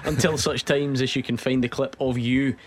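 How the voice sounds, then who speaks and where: A man's voice: medium pitch, steady tone, normal speed, crowd noise. A man hosting a football radio show, chatting casually and teasing his co-hosts. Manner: chatty, teasing, laughs often. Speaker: radio sports show host.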